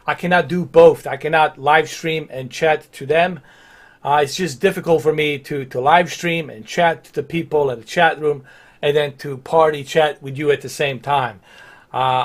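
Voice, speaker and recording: A man chatting casually on a live game stream, rambling with lots of fillers and restarts. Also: a little high.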